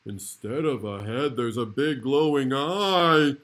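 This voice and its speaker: A man's voice: mid-range voice, slow pace, fairly bright tone, pitched above the performer's own voice. A man voicing a frightened young monster boy in a storybook, warning dramatically. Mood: fearful. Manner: fearful warning.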